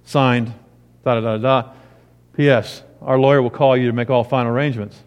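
Storytelling pastor in a reverberant church. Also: male voice, mid-range voice, steady tone, brisk. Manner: storytelling, rising to emphatic preaching. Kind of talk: sermon. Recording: long hall reverb.

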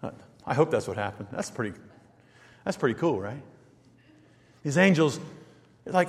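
A man preaching a sermon in an animated way, firing rhetorical questions and acting out quoted lines. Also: mid-range voice, moderate pace, creaky, pauses often, in a large hall.

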